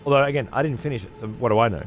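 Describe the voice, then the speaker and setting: A man chats casually on stream as he reads viewer messages, relaxed and swearing freely, with slang like "mate" and "cunt." He talks very fast in a mid-range voice, with faint music behind.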